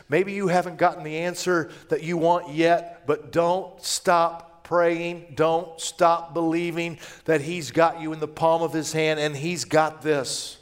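Emphatic male preacher, fairly high voice. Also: clear, resonant tone. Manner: emphatic, conversational, swells to loud declarations. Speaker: pastor. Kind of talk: sermon.

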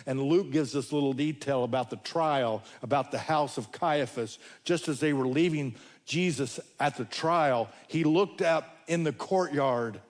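A male preacher delivering a sermon, telling stories with folksy humor and dramatic pauses. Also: medium pitch.

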